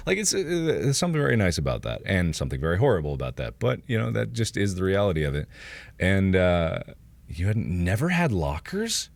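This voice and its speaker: A man's voice: a little fast, vocal fry, dry recording. A man in his twenties, chatting on a livestream and telling rambling stories while reading chat. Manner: rambling storytelling, reads chat, lively swings in pitch. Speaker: streamer.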